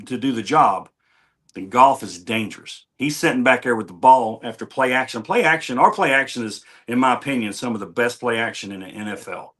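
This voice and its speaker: A man with a middle-pitched voice talks through his view of the team on a sports show. He sounds earnest and conversational, like a committed fan speaking plainly. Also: a bit bright. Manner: earnest, conversational, fan's viewpoint. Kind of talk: sports talk opinion.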